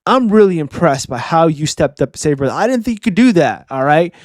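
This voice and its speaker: A man's voice: a little high, expressive, brisk, no room sound, clean studio sound, close to an everyday voice. A man doing a blunt female giant warrior. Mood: grudging. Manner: curt, blunt.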